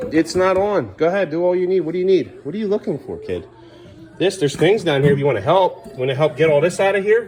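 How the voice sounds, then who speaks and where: A medium-pitched parent records a relaxed home vlog in the bathroom area, with noise in the background. They address two small children in a firm but patient way and pause now and then to vent at the camera.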